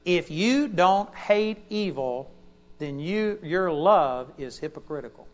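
A man preaches to a congregation in an auditorium. His voice sits a little high, and he moves from forceful, loud proclamations to soft, mellow asides. The sound is muffled and lo-fi. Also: animated, takes it slowly. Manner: emphatic, swings between loud declarations and quiet asides. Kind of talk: sermon.

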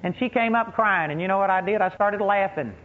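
A man's voice: high-pitched, fairly quick. A man preaching a sermon, telling folksy stories with emphatic punch and frequent laughter. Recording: tinny phone-like recording with faint hiss.

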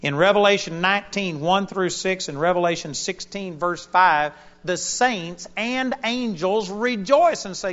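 A man's voice: sits high, animated, measured pace, few pauses. Emphatic preacher man, dull lo-fi sound. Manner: emphatic, swings between loud declarations and quiet asides. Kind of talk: sermon. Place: auditorium.

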